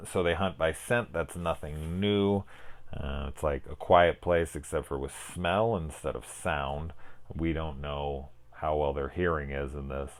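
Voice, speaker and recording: A deep-voiced man in his forties talks through a film in one rambling take. He sounds tired, stifling yawns, sidetracked by his own thoughts and casually profane. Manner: rambling, profane, self-interrupting. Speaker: film reviewer.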